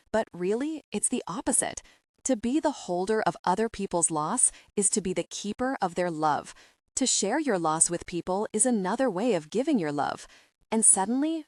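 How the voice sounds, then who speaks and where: A woman narrating a young adult audiobook in a measured, steady storytelling voice on a close studio mic. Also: medium pitch, dry recording. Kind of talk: scripted narration.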